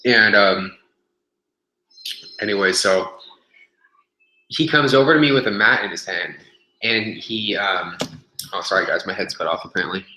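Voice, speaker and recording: A young man tells a rambling story on a casual webcast, cursing freely and stumbling over fillers and restarts. His lowish voice has a bright, forceful edge. The webcam sound carries a lot of echo from the room. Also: a little slow, long pauses, a little hiss or hum. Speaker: vlogger telling a gym story. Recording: echoey room webcam audio.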